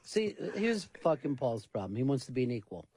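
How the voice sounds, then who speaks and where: A man hosting a radio talk show, telling anecdotes in a profane, animated way. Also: medium pitch, fairly quick, no echo. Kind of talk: casual radio storytelling. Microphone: studio microphone.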